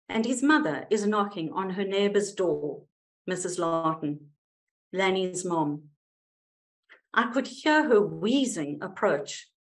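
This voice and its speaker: A woman psychoanalyst reading a prepared paper aloud in a measured, wry, expressive way. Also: on the low side, rough recording.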